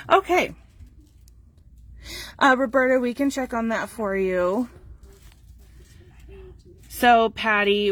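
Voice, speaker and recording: A woman's voice: mid-range voice, a bit bright. A woman hosting a casual live video for a sewing store, chatty and full of fillers as she reads out class details. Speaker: sewing store staff host. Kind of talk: casual live-stream announcements.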